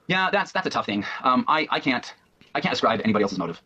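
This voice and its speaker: Man, company executive in an interview, husky voice, very fast hedging answers, dull lo-fi sound. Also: medium pitch, very animated, sharp tone. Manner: hedging, halting, full of fillers.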